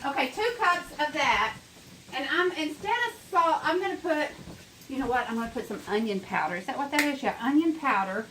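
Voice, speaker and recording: A woman's voice: high-pitched, lively intonation, fairly quick, background noise. A woman chatting her way through a home cooking demonstration, rambling and talking straight to her viewers in her kitchen.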